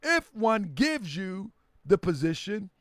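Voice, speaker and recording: A man giving a live-streamed lecture with an emphatic, preaching delivery that drops into quiet asides. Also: sits high, big pitch swings, takes it slowly, no echo, studio quality.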